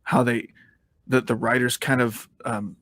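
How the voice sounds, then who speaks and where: A man co-hosting a relaxed comic book chat, chiming in with loose, trailing remarks. His voice is recorded close and dry, with no room sound. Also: medium pitch, a little slow, dry recording. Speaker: co-host. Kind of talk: casual chat.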